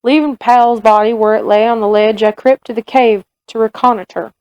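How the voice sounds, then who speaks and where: A grave male frontier soldier with a Southern US drawl, as a woman reads him aloud, telling his tale in steady, measured storybook narration. The voice sits a little high for a man and sounds close and dry, with no room around it. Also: dry recording, close to an everyday voice, poor audio. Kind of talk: reading a novel aloud.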